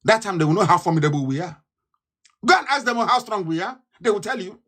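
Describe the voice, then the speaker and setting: Fiery Nigerian man with a bright voice. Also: lively intonation, quick pace. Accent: Nigerian English. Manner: fiery and scornful, swings from shouts to low mutters. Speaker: radio broadcaster. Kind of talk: impassioned political radio address.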